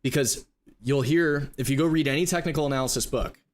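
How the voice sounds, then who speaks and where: A man teaching trading live, walking through charts and rapidly acting out a confused trader's thoughts. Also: medium pitch. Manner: rapid, emphatic explaining with mock inner voices. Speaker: trading educator. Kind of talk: live stream chart walkthrough.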